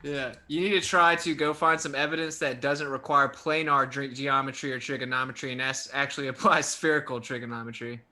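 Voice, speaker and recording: A man in an online debate, answering questions in a loose, casual way. His voice is bright and a little sharp. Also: medium pitch, steady tone, fairly quick, few pauses.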